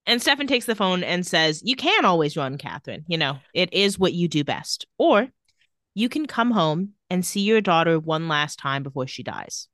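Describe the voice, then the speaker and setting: A woman's voice: lowish voice, sing-song, normal speed, a bit bright, no echo. A woman co-hosting a podcast, casually recapping TV scenes with quoted lines and dry asides. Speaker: podcast co-host recapping a TV episode. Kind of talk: casual chat.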